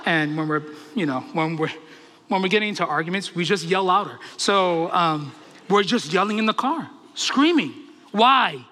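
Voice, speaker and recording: High bright-voiced male pastor preaching. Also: normal speed, big-room sound. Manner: animated storytelling with humor. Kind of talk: sermon.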